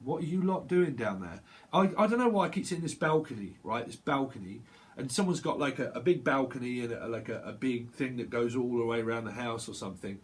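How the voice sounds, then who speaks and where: A man's voice: mid-range voice, expressive, fast. A man giving a casual tarot reading, chatty and rambling, full of fillers and restarts. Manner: acts out little quoted voices, bursts of laughter. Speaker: tarot reader.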